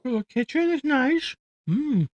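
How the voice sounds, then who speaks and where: A woman's voice: high voice, very animated, measured pace, a little mellow, no echo, muffled recording, voice pushed up. Woman doing a squealing happy pet dog. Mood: excited. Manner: bouncy, squealing, lots of hums. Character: cheerful excitable male pet dog.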